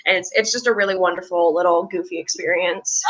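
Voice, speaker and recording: In a fairly low, brisk voice, a young woman from West Virginia describes her touring theater troupe during an informal interview. She keeps rambling and restarting, laughing in between tales, all captured on poor audio.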